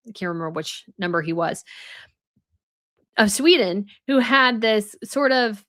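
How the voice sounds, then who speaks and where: A woman's voice: medium pitch, a bit bright, no echo, studio quality. A young woman hosting a casual live stream, reading viewers' comments aloud and chatting about them with lots of "like" fillers. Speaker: host reading live chat.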